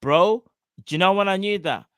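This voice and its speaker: A man, hosting a casual football chat in an animated, slangy, jokey way. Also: high-pitched, moderate pace, clear, resonant tone, no room sound, studio quality. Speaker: show host.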